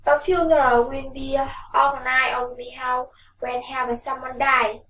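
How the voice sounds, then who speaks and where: A woman with a Vietnamese accent teaching English vocabulary in a classroom, repeating each word slowly for pronunciation. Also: high voice, flat delivery, bright, forceful tone, echoey room, recorded from a distance, slight background noise, poor audio. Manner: slow, drilling words with repeated pronunciation.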